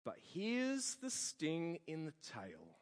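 Speaking slowly with a voice on the high side, a pastor tells a story during his sermon and brings its people to life through animated quoted speech. The church hall adds a long reverb.

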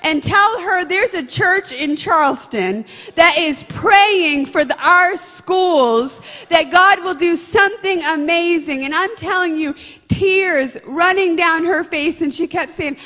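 Slow, bright-voiced woman leading church prayer. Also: extremely high pitch, long reverb tail. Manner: earnest, heartfelt storytelling. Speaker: church ministry leader. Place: church sanctuary.

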